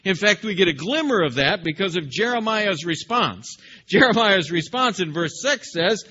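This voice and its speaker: A male pastor preaching a sermon in an animated way, speaking directly to his congregation. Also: high voice, moderate pace, breathy edge, dull audio. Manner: animated, acts out scripture dialogue, addresses the congregation directly.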